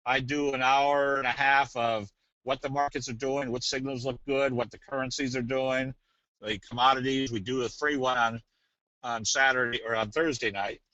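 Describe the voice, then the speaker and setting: A man presents a casual webinar in a folksy, rambling manner, like a salesman explaining charts. His voice is bright and forward. The audio is dull and lo-fi, dry with no room sound. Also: medium pitch, fairly even intonation, moderate pace, no echo. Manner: folksy, rambling, tells jokes.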